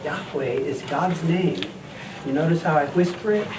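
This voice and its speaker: A man's voice: a little high, unhurried, lightly acted. A man playing a friendly scribe teacher and farmer in a church children's skit, leading the kids in call-and-response. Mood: cheerful teaching. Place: church hall. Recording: echoey, distant mic, noisy room.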